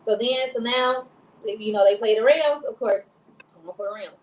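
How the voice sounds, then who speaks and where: A woman's voice: fairly high pitch, moderate pace, a little mellow, roomy sound, poor audio. A woman from Chicago co-hosting a casual talk show, rambling and laughing often. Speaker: co-host. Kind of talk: casual chat.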